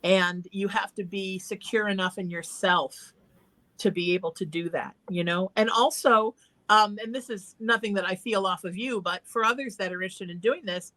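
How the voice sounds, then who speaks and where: A woman's voice: medium pitch, moderate pace, a bit bright. A woman hosting a call-in talk show, giving earnest, encouraging advice in a conversational way. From Irish heritage. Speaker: psychic talk show host.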